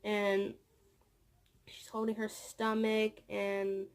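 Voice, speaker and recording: A woman's voice: mid-range voice, monotone, very slow. A woman vlogger and childcare teacher telling a rambling story about her workday, repeating words and acting out what people said. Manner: rambling, repeats words, acts out quoted dialogue. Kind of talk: casual storytelling vlog.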